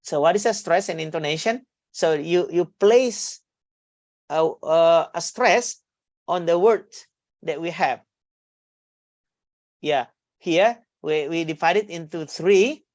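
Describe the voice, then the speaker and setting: A woman with an Indonesian accent leads an online English class, her voice low and her delivery slow. She halts often, filling gaps with hesitations and restarts as she explains. The call audio is dry and close. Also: a little mellow, no echo. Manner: slow, halting, many fillers and restarts. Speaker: English lecturer.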